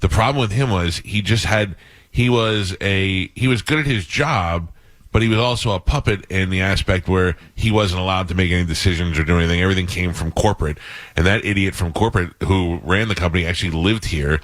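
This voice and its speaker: A man's voice: deep voice, brisk, a bit bright, no room sound. A middle-aged man hosting a radio morning show, telling a blunt, profane story full of quoted back-and-forth. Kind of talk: casual storytelling chat.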